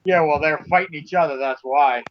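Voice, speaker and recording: A man's voice: on the high side, fairly quick, highs cut off, a crowd in the background. A man co-hosting a casual wrestling talk show, emphatic and prone to repeating himself as he makes his points. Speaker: podcast co-host.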